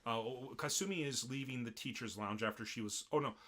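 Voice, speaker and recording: A young man co-hosting a casual podcast, recapping an anime episode with animated retellings of scenes. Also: mid-range voice, brisk, slight background noise. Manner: animated, acts out character lines in shifting voices. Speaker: podcast co-host.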